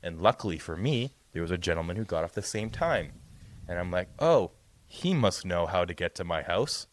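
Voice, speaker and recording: Low-voiced profane young man telling a story. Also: moderate pace. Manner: profane, rambling, animated retelling. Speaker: podcast co-host. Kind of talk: casual storytelling.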